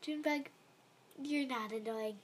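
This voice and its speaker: A woman's voice: high-pitched, a little slow, breathy edge. A woman voicing a young female dragon, a fed-up big sister who speaks in an exasperated, pleading way.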